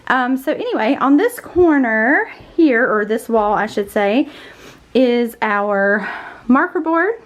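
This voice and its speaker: A woman's voice: fairly high pitch, lively intonation, slow. Winded woman giving a home tour. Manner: chatty, warm-hearted tour guide walking through the room. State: winded, out of breath. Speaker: homeschooling mom vlogger. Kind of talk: casual room-tour vlog. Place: indoor room in a family home.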